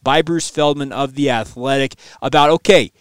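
A man co-hosting a sports podcast who lays out his points in a measured, analytical way. His voice is smooth and resonant at an ordinary pitch, and the sound is dry with no room around it. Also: no room sound. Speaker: podcast co-host. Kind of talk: casual sports podcast chat.

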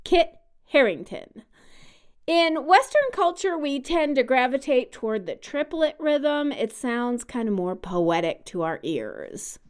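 A woman's voice: sits high, very animated, a little slow, few pauses, clean tone. A woman co-hosting a podcast who explains things patiently, like a music teacher, and sounds out her examples. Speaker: podcast co-host. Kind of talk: casual podcast chat.

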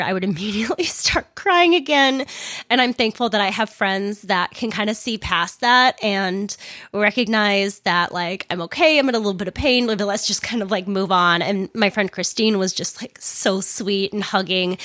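A woman's voice: mid-range voice, fairly bright tone, dry recording, studio quality. A young woman hosting a podcast, telling a story casually, swearing freely and laughing as she talks, speaking stiffly around a sore, swollen upper lip. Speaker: podcast host.

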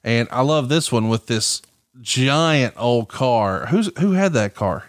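Male podcast host, enthusiastic, dry close sound, medium pitch. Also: animated, slow pace, dry recording. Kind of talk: casual interview chat.

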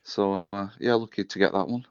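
A man's voice: on the low side, steady tone, fairly quick, clean tone, dry recording, dull audio. A man with a Wigan accent from northern England, chatting matily as a rugby club manager in a radio interview from his office. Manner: chatty, matey, easygoing.

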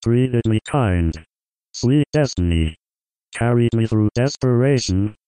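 A stiff, low-resolution male computer voice recites lines with flat, awkward robotic delivery. It sounds smooth and crisp, with a dry close sound and no room around it. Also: takes it slowly, no echo, low-quality recording. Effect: text-to-speech. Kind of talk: reading song lyrics aloud.

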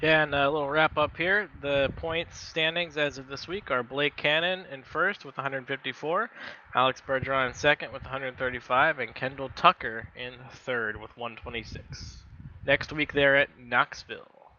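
A man's voice: mid-range voice, moderate pace, bright, forceful tone, highs cut off, slight background noise. A man co-hosting a podcast who runs through racing news in a casual tone, reading from notes with fillers. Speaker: podcast co-host, news reader.

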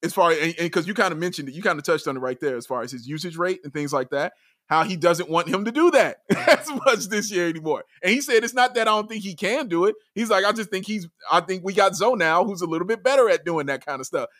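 An excitable man co-hosting a casual sports podcast, his voice high and bright. He laughs often and gets loud when something thrills him. The sound is close and dry. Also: quick pace, no echo. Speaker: podcast co-host.

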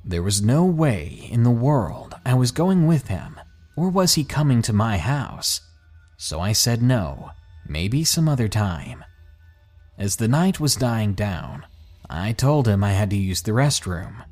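A man narrating listener stories for his podcast, measured and paced with dramatic pauses. His pitch moves in a lively way through each line. Soft music plays faintly under his voice. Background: faint background music.

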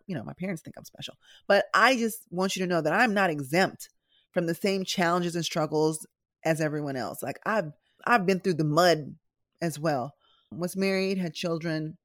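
A woman's voice: fairly low pitch, dry recording, clean studio sound. A middle-aged woman hosting a podcast, talking candidly and directly to her listeners in a chatty personal style. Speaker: podcast host and nurse.

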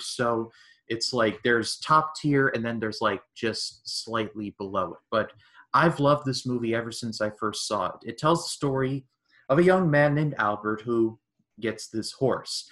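Animated man talking movies. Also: mid-range voice. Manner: animated, retells scenes with quoted voices. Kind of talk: casual movie discussion.

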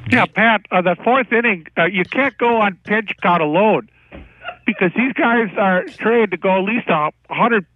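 A man calling in to a radio sports show, ranting gruffly and indignantly over a noisy phone line. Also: high voice, normal speed, no echo. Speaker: caller. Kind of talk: radio call-in rant.

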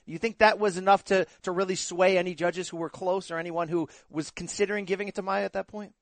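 A man hosting a sports talk show, asking questions and steering the talk to the next topic. His voice sits a little high and sounds dry and close to the mic. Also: fairly even intonation, fast talker, dry recording. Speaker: host.

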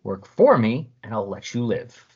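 Man putting on a cruel demon overlord, mocking, falsely sorrowful, husky, muffled recording. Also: lowish voice, big pitch swings, a little slow, darkish tone, full character voice. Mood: gloating. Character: menacing male demon overlord, smug and cruel. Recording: dull lo-fi recording.

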